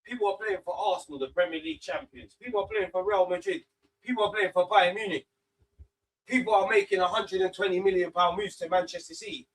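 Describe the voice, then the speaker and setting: High-voiced ranting man. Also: fast talker, husky. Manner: ranting, excitable, swears freely. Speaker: watch-along host. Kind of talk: live football watch-along commentary.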